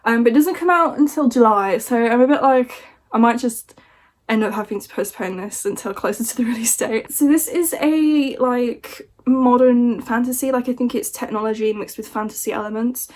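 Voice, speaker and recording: A woman's voice: on the high side, normal speed, a little mellow. A young woman chatting casually as a book vlogger, swearing freely and joking with exasperated humor. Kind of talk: casual chat.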